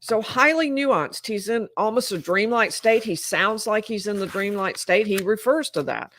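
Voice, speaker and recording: A woman's voice: mid-range voice, normal speed, a bit bright, a little hiss or hum. A woman host giving live legal commentary. She reads from her notes and comments on them thoughtfully, correcting herself now and then. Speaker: lawyer and show host.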